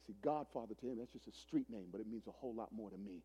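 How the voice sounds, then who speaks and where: A man in his forties preaching a sermon as a pastor, telling a story dramatically, swinging from loud preaching to hushed retelling. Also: fairly low pitch, fast, few pauses, husky. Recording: long hall reverb.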